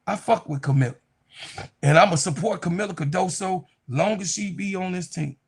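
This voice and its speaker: A man hosts a casual sports live stream, answering chat in a gravelly, fairly high voice. He gets excitable and profane and laughs a lot as he talks. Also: moderate pace.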